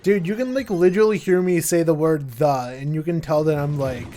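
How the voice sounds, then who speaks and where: A man's voice: a little high, fairly quick, dark tone, a little hiss or hum. A young American man streaming live, chatting casually and rambling with lots of "like" and self-mocking jokes.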